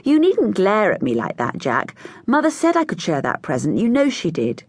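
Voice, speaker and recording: A woman's voice: mid-range voice, huge pitch swings, moderate pace, breathy edge, no room sound. A woman voicing a bold, stubborn schoolgirl who talks back fiercely. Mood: defiant. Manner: fierce, defiant.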